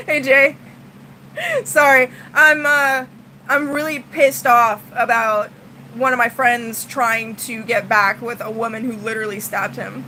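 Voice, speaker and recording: High, bright-voiced woman venting bluntly. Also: little pitch movement, takes it slowly, slight background noise, low-quality recording. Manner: blunt and profane, swinging between heated outbursts and tired sighs. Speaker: streamer venting to chat. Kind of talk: casual livestream venting.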